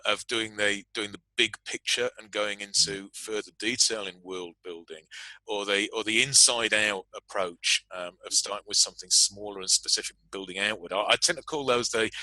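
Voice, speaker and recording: A man's voice: fairly low pitch, sharp tone, no room sound, rough recording. A British man moderating a panel discussion in a chatty, self-deprecating way, laughing often.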